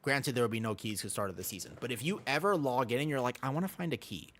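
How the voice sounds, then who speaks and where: A man's voice: medium pitch, expressive, fast talker, a bit bright. A man live-streaming a video game, chatting casually with viewers and friends and explaining his point with emphatic repetition and the odd swear. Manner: talks to chat and friends while teaching.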